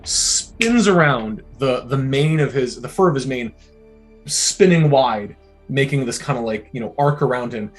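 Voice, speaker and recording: A man's voice: medium pitch, lively intonation, a little slow. A man running a tabletop game as game master, narrating casually with lots of fillers. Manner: casual, descriptive, many fillers. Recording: music behind the voice.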